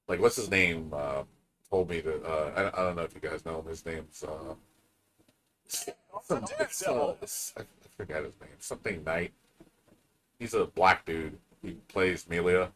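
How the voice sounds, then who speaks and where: A man with a somewhat low voice rants on a gaming stream. He swears freely and gets more and more heated. He mocks other people by putting on quoted voices. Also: lively intonation, moderate pace, fairly bright tone, a little hiss or hum. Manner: profane, heated ranting with mocking quoted voices. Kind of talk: casual gaming stream rant.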